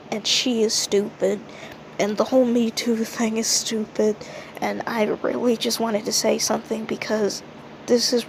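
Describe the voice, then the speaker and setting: A woman's voice: on the high side, vocal fry, slight background noise, low-quality recording. A woman giving an indignant, ranting commentary monologue, peppered with "like". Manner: indignant, heavy use of "like" fillers. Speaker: commentary vlogger.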